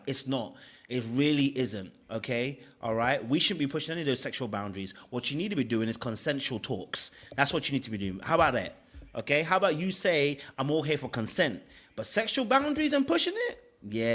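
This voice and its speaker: A man casually reviewing a reality dating show, animated, laughing, and often checking in with "okay? all right?". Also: mid-range voice.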